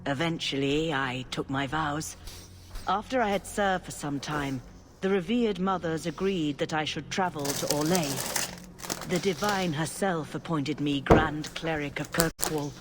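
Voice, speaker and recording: A woman voicing a serene older female church leader in a video game, with a calm, measured, sermonizing delivery. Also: deep voice, background noise. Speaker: grand cleric.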